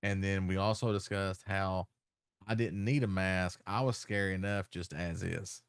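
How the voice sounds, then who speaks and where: A man co-hosts a casual comedic chat, joking and teasing his friends. His voice jumps up high when something amuses him. The recording is close and dry, with no room sound. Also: fairly even intonation, moderate pace, clear, resonant tone, dry recording. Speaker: podcast co-host.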